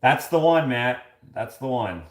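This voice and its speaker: A man's voice: medium pitch, animated, a little slow. A man hosting a casual stream from his kitchen, chatting and telling rambling stories with lots of fillers. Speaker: livestream host reading chat. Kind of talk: casual chat. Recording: echoey room.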